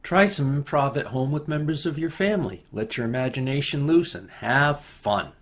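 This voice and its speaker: A minister calmly reading writing prompts during a service in a measured way. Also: male voice, mid-range voice.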